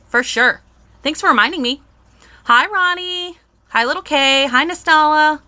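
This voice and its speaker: A woman's voice: sits high, measured pace, sharp tone. A young woman, chatting bubbly on a live stream as she unboxes toys and greets viewers.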